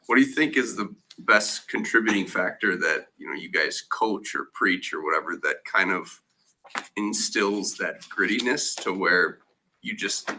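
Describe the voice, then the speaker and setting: A man's voice: low-pitched, lively intonation, a little slow, bright, forceful tone, rough recording. A man on a school board asking a casual, loosely worded question at a meeting.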